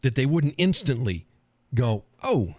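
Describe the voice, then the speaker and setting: A man's voice: medium pitch, expressive, moderate pace, mellow, no echo. A man from the United States, host of a live stream, ranting bluntly and profanely in a casual opinion monologue.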